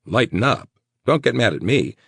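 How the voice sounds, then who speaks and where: A man's voice: mid-range voice, big pitch swings, normal speed, creaky, a bit bright, husky, no echo, clean studio sound, voice pushed up, heavily acted. A man playing a wry, joking ex-cop. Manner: wry, teasing, laid-back.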